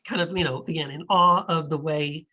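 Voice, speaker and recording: A man's voice: a little high, steady tone, normal speed, bright, forceful tone, breathy edge. Enthusiastic rambling man hosting a podcast. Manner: enthusiastic and rambling, with many restarts; acts out puzzled rhetorical questions. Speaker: podcast host and author. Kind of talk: casual podcast chat.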